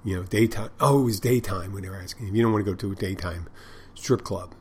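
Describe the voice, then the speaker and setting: A man's voice: low voice, fast, a little mellow, slightly rough. A man who tends bar and hosts a podcast, telling stories in a rambling, profane, casual monologue with many restarts. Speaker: bartender and podcast host.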